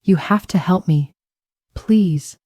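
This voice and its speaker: A woman's voice: slow pace, mellow, dry recording, clean studio sound. A woman voicing a panicked young woman who pleads and whimpers, her voice climbing as she begs. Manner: pleading, tearful, rising to high pitch.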